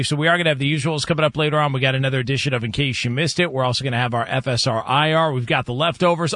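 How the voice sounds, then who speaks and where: A man's voice: medium pitch, a bit bright, no echo. A man hosting a sports radio show, giving station ID and promos in an upbeat announcer way.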